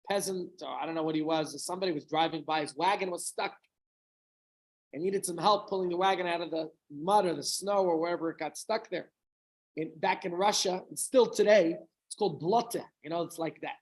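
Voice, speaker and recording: A man's voice: high-pitched, poor audio. A middle-aged man, a rabbi, giving an informal talk to a small group, telling a story with chatty asides and questions to his listeners.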